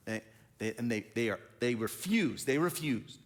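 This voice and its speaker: A pastor preaching a sermon, who acts out the characters' lines and swings between loud questions and low asides. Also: male voice, animated, normal speed. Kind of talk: animated sermon retelling a Bible story.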